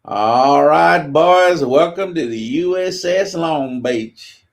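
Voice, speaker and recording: An older man voicing a brash, racist young male sailor from the Deep South. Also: slow, gravelly. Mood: threatening. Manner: loud, threatening, bossy.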